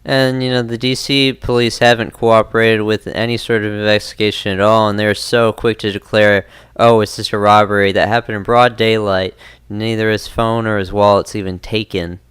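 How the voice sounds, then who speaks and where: Low, smooth-voiced male co-host. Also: level tone, normal speed, fairly bright tone, dry recording. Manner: conversational, leans on "you know". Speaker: podcast co-host. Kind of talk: casual political talk radio.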